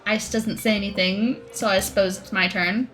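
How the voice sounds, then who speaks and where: A young adult woman streaming a story game, reading it aloud and joking through animated reactions. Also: medium pitch, normal speed, faint music behind. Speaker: streamer reading a visual novel.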